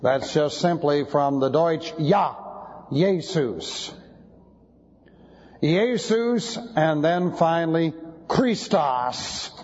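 A male Bible teacher in an emphatic lecture style, stopping to spell out Greek words letter by letter. His voice sits a little high. The recording is a dull lo-fi tape with long reverb from a church hall. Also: takes it slowly, a little mellow. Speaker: pastor.

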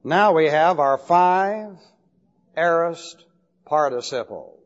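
In a dull lo-fi recording with long hall reverb, a man with a fairly high, animated voice speaks slowly. He teaches Bible Greek grammar to a class, emphatic as he repeats points and spells out key words.

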